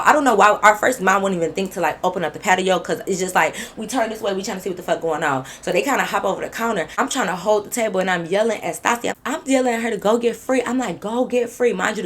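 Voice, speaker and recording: A woman vlogger telling a casual story to her viewers, animated and profane, addressing them directly. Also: mid-range voice, husky.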